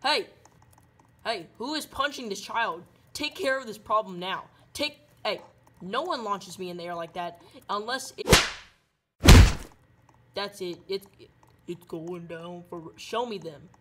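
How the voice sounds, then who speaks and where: A woman doing loud, silly running commentary while playing a game. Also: mid-range voice, lively intonation, measured pace, pauses often, background noise. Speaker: gaming video creator.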